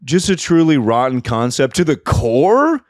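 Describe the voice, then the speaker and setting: A man's voice: mid-range voice, very animated, measured pace, no room sound, clean studio sound. A man co-hosting a casual comedy podcast, ranting profanely and breaking into mocking voices. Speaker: podcast co-host.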